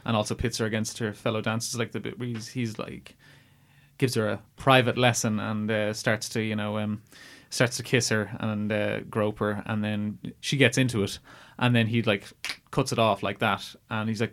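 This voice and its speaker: A man's voice: on the low side, little pitch movement, moderate pace, a bit bright. A man co-hosting a film podcast, in casual, rambling chat with many fillers and restarts. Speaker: podcast co-host.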